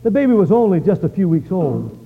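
A man's voice: high-pitched, very animated, brisk, gravelly. A man preaching a revival sermon, telling a dramatic story with rising passion and pointed questions to the congregation. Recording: dull lo-fi recording.

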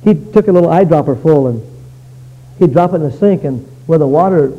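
A man's voice: on the high side, lively intonation, brisk. Man preaching a revival sermon, lo-fi. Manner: storytelling, swings from hushed to loud. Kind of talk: evangelistic sermon.

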